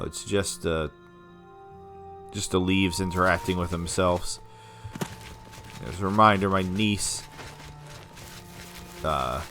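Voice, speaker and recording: A man's voice: sits low, sharp tone. A man giving casual let's-play commentary, rambling and talking to himself with frequent laughs. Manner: chatty, rambling self-talk with frequent laughs. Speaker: gameplay commentator.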